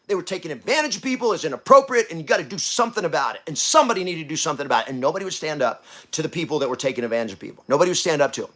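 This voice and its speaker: A man's voice: fairly high pitch, sing-song, racing, hardly any pauses. Emphatic man in his fifties, preaching. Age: 50s. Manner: preachy and emphatic, swings from loud bursts to hushed asides. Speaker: podcast host. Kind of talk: motivational talk.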